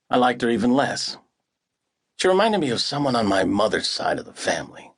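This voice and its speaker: A man's voice: mid-range voice, big pitch swings, brisk, fairly bright tone, husky. A male audiobook narrator with a mid-range voice tells the story in the first person. His delivery is wry and hard-boiled, and he lands each barb dryly.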